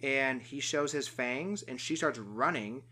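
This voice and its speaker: A man casually recapping a movie on a podcast, animated and acting out the characters' lines. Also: mid-range voice, a little slow. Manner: animated storyteller, acts out quotes. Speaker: podcast host.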